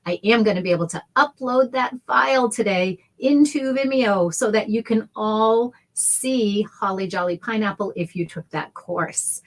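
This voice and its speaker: A middle-aged woman with a medium-pitched, slightly bright voice hosts a casual sewing livestream tutorial. Chatty and heartfelt, she greets her viewers by name.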